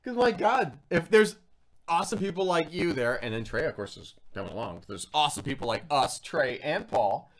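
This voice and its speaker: Animated man chatting on a livestream. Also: a little high, a little fast. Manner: animated, puts on silly voices when quoting people. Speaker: food review host. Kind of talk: casual livestream chat.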